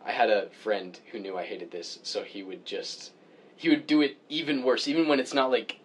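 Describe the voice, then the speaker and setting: A man in casual chat, opinionated and animated as he grumbles about things that bother him. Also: normal speed, a little hiss or hum. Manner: animated, pitch jumps when worked up.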